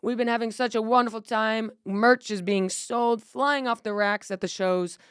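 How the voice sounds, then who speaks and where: A woman's voice: fairly high pitch, steady tone, moderate pace, a bit bright, smooth, dry recording, clean studio sound. A woman hosting a podcast, chatty and casual, who swears freely and plugs her tour dates. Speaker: podcast host.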